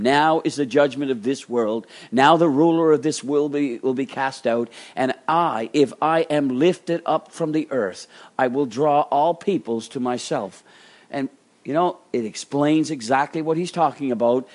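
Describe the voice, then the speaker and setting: A man preaching an earnest sermon as pastor, his voice climbing high when he acts out quotes and dropping soft and slow on key points.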